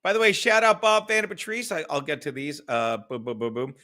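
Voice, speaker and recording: A man hosting a casual livestream show. His voice sits high and sharp-edged. He talks in a loose, profane way and reads viewer comments aloud. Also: big pitch swings, a little fast. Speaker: livestream podcast host.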